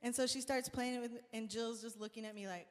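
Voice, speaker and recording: A woman host and singer telling stories in a casual chat on a live stream, animated and laughing often as she acts out quotes. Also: on the high side, fast, long reverb tail.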